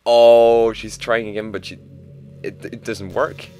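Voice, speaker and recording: A man's voice: medium pitch, little pitch movement, unhurried, a little mellow, soft background music. A man giving casual commentary over a game playthrough, hesitant, with many fillers and restarts. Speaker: game player.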